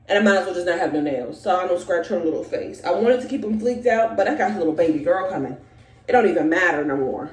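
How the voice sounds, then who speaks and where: Her voice mid-pitched and a bit dark, a pregnant young woman talks right to the camera in a casual cleaning vlog from her home bathroom. She's short of breath, and the space sounds echoey with a little noise underneath.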